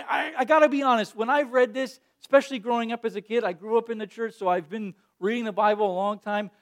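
A man preaching a sermon, reading scripture and then retelling it in a lively way, acting out the quoted voices. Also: very high voice. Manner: animated, acts out quoted voices. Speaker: pastor.

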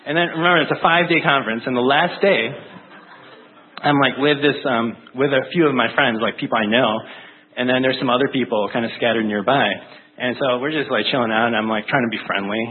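A man's voice: medium pitch, brisk, a little hiss or hum. A male pastor preaching a casual sermon in a rambling, conversational way full of fillers. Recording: tinny phone-like sound.

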